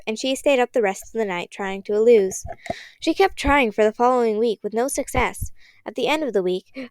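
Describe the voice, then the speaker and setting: A woman narrating a novel in a gentle, measured reading voice. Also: medium pitch, no room sound. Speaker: audiobook reader. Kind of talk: storybook narration.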